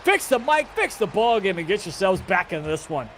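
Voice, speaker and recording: A man calling a live esports basketball game play-by-play, energetic and jokey, rising to shouts on big plays. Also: high-pitched, normal speed, slight background noise.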